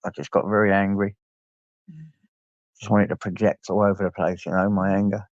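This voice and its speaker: A man's voice: low voice, little pitch movement, normal speed, dry recording. An older man with an English accent hosting a late-night livestream, rambling and greeting viewers by name, swearing freely. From England. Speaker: livestream host. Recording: dull lo-fi stream audio.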